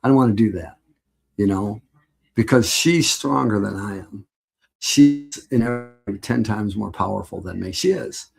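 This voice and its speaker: A middle-aged man hosts a casual live stream. His low voice is gravelly and husky, and he rambles along in a heartfelt way, often breaking into laughter. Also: normal speed, faint music behind.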